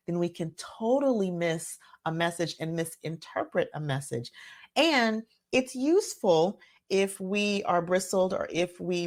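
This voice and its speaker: Woman podcast host, low voice, earnest coaching tone, talks straight to the listener. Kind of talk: solo teaching talk.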